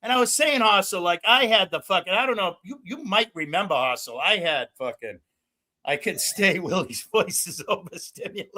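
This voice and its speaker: Middle-aged man, livestream host, loud and excitable, profane rambling chat, high pitched voice, bright tone. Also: normal speed. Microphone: no headphones.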